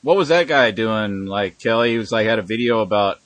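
A man's voice: on the low side, expressive, a little fast, fairly bright tone, no echo. A man hosting a podcast in casual chat, rambling and swearing with emphatic bursts. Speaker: podcast host.

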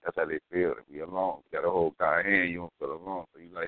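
With a steady, low voice and a quick pace, a man co-hosting a podcast chats casually, using slang, stressing his points, and telling stories. The recording is dry and lo-fi, sounding like it came through a phone.

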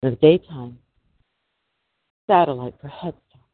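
A man's voice: a little high, a little slow, dry recording. A middle-aged man, a podcast host, giving a preachy religious monologue full of rhetorical questions. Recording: dry, tinny phone-line sound.

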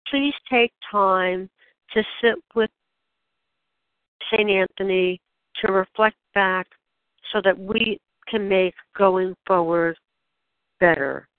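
A woman leading a channeled spiritual guidance session, speaking in gentle, questioning prompts to the listener. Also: medium pitch, takes it slowly, pauses often, no echo. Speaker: spiritual guide. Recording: dry, tinny phone-like sound.

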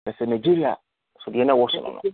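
The older man talks fast in a medium-pitched, sing-song, creaky voice. He reminisces and tells stories in casual conversation on a tinny phone line, mixing in English words.

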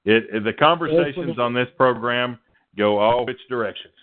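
A man's voice: mid-range voice, moderate pace. A man hosting a call-in show, joking and folksy in casual chat, heard over a tinny phone-line call recording. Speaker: host.

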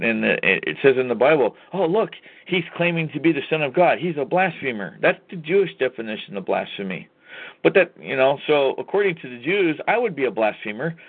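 A man hosting a talk radio show, delivering a combative, folksy monologue and often calling the listeners "folks". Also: mid-range voice. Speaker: radio host. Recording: tinny phone-line sound.

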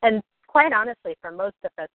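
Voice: medium pitch, animated, fairly quick, no room sound. A podcast host musing thoughtfully about purpose and service in a conversation. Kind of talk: reflective conversation. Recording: dry phone-like audio.

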